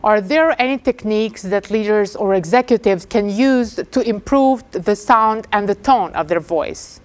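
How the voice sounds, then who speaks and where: A woman interviewer asking measured, polite questions. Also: medium pitch.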